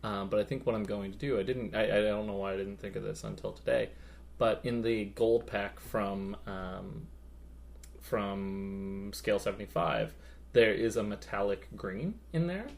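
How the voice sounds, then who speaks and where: Gravelly low-voiced man chatting casually. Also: moderate pace, darkish tone. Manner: rambling, chatty, lots of fillers. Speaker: podcast co-host. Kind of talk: casual hobby chat.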